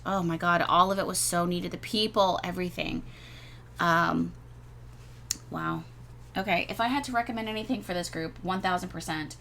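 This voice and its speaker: A woman giving a casual tarot reading, rambling and gushing, repeating words and filling pauses as she goes. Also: on the low side, fairly bright tone, slight background noise. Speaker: tarot reader.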